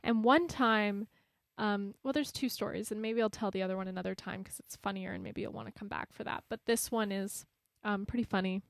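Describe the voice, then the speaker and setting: A woman cinematographer hosting a podcast, telling a story in a lively, chatty way in casual conversation. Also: medium pitch, a little fast, creaky, few pauses, no room sound. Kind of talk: casual chat.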